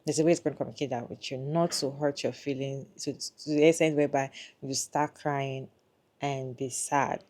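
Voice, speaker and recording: Low, dark-voiced woman commentator. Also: fairly even intonation, moderate pace. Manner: emphatic, questioning, speaks directly to viewers. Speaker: reaction video host. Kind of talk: opinionated commentary.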